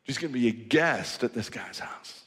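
A man preaching a sermon in a church hall, telling the story in a lively, conversational way. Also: medium pitch, normal speed. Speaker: pastor. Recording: reverberant hall.

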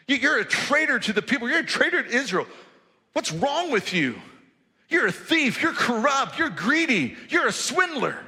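Man doing indignant townsman, high strained voice, accusing rant, echoing hall. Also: sing-song, normal speed, pushed and bright, full character voice. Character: indignant townsman scolding a corrupt tax collector. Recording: reverberant hall.

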